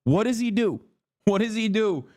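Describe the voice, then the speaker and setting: A man's voice: high-pitched, animated, normal speed, darkish tone. A man in his thirties streaming reaction commentary, mocking and sarcastic, often exasperated and profane.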